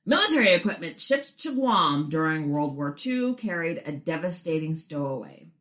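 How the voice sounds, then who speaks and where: Woman cohost, laughs a lot, cusses, low but bright voice. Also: big pitch swings, moderate pace. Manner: profane, laughs often, reads trivia aloud. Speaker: podcast co-host. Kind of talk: casual chat.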